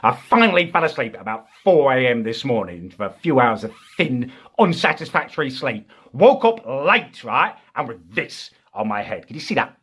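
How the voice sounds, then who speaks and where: Man doing a petty young British vlogger, whiny ranting, husky bright voice, swings up and down a lot. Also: mid-range voice, big pitch swings, normal speed, full character voice. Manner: whiny, aggrieved ranting, keeps tagging "right?". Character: petty, self-pitying young male vlogger with a grudge. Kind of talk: ranting comedy character vlog.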